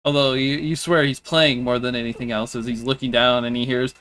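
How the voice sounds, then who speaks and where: A man running a tabletop game as game master, narrating haltingly with many restarts. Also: medium pitch, level tone, a bit bright, clean tone, no echo. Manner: halting, restarts often, laughs between lines.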